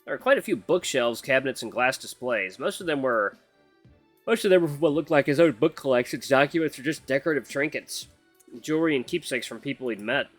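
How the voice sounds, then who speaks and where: A man reading a visual novel aloud with playful, animated asides. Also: medium pitch, fairly quick, dry recording, faint music behind.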